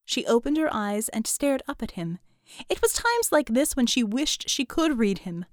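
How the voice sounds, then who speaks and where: A woman narrating an action-filled audiobook with a fairly high voice. Her reading is brisk and engaged. The recording is close and dry. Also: sing-song, dry recording. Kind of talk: scripted narration.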